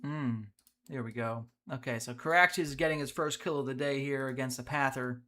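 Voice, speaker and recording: A man hosting a live gameplay stream, energetic and chatty, talking to his viewers as he plays. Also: mid-range voice, moderate pace. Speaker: streamer, host.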